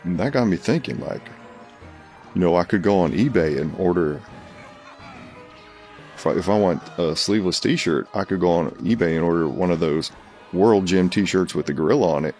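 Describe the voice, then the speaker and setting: A man doing a comedic impression of a raspy, boastful older male pro wrestler who rambles through a tall tale full of restarts. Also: deep voice, normal speed, long pauses, a little mellow, soft background music, natural voice. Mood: rambling. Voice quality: raspy, gravelly.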